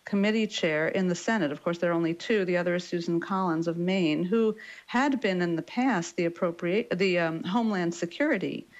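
A woman newspaper correspondent explaining politics in a radio news interview, measured and explanatory with some fillers. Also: on the low side, muffled recording.

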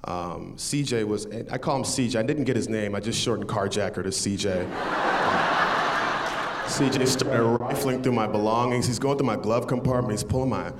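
A man, a comedian, telling a true story to a live audience in a relaxed, conversational way, chuckling now and then. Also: on the low side, moderate pace, a loud crowd.

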